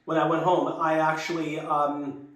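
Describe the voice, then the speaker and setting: A man's voice: on the high side, little pitch movement, moderate pace, fairly bright tone. A man in his sixties, raised in Jamaica and now speaking with an American accent, telling a personal story in a thoughtful, conversational way that circles back to rephrase. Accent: American, Jamaican trace lost. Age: 60s. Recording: very echoey, distant mic, faint music.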